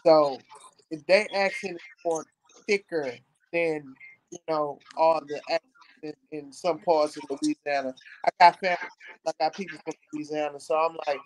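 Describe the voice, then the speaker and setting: A man hosting a casual film discussion, animated and repeating phrases for emphasis. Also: a little high, moderate pace, a little hiss or hum, poor audio. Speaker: podcast host.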